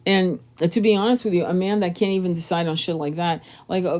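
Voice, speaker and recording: A woman's voice: lowish voice, fairly even intonation, brisk, hardly any pauses, darkish tone. A woman tarot reader giving blunt, profane relationship advice in a casual monologue.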